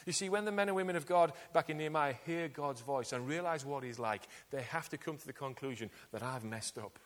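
A man's voice: a little high, a little fast, in a large hall. A man preaching a sermon with dramatic emphasis and rhetorical questions.

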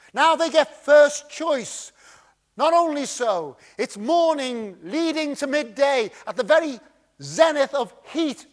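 A preacher delivering a sermon in a voice that sits very high for a man. He reads scripture at a slow, deliberate pace. He swings dramatically between ringing emphasis and hushed, quiet phrases.

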